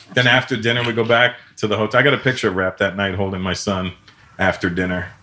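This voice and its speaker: A man's voice: lowish voice, a little fast. A middle-aged man, hosting a podcast, telling stories casually and laughing along the way. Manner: animated, laughs through stories. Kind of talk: casual storytelling.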